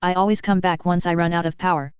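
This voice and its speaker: A woman's voice: lowish voice, steady tone, fast talker, clear, resonant tone, no echo, muffled recording, lightly acted. A woman voicing a brash young male fighter who talks in an offhand, defiant way in an audiobook. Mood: casual.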